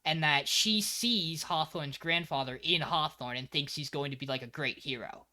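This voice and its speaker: Man with a bright, forceful voice. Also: a little high, moderate pace. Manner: animated storyteller, frequent swearing. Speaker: podcast co-host. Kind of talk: casual anime recap chat.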